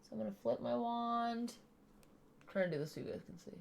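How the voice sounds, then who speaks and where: A woman's voice: on the high side, expressive, a little fast, vocal fry, darkish tone. A woman chatting casually while she does her makeup, explaining each step as she goes. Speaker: streamer doing makeup. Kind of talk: casual makeup tutorial chat.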